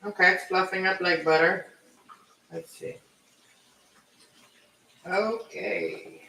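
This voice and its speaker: A man's voice: high-pitched, wildly swooping pitch, slow, pushed and bright. A man rambling casually to a live chat as he cooks in his home kitchen, with a camera mic set away from the stove. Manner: rambling, self-correcting, chatty. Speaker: cooking vlogger. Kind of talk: casual live-stream chat while cooking. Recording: echoey kitchen, distant camera mic, faint noise.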